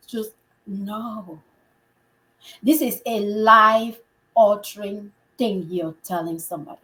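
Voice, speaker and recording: Animated woman telling a story in a roomy space. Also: medium pitch, takes it slowly, long pauses. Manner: animated, acts out quoted dialogue. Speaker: healthcare provider. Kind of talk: conversational storytelling. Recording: roomy echo.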